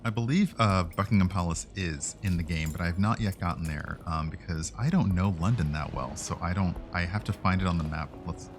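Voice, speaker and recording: A man's voice: low voice, a little fast, hardly any pauses, background noise. A man streaming a video game, chatting casually and rambling, with frequent fillers and self-corrections. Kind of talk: casual gameplay commentary.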